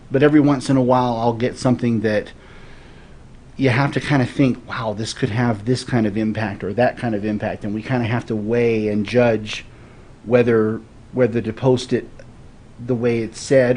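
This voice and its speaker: Guest storyteller, man, forties, earnest and reflective, middle pitch. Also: steady tone, moderate pace, warm tone. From Florida. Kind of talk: casual interview storytelling.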